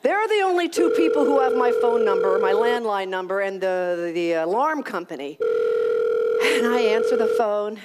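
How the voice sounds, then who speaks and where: A woman with a fairly high voice giving a motivational talk to young professionals. She tells a personal story frankly and with humor at her own expense. She often acts out what she said and thought at the time. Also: animated, moderate pace, darkish tone. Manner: frank and self-deprecating. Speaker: speaker at a leadership conference.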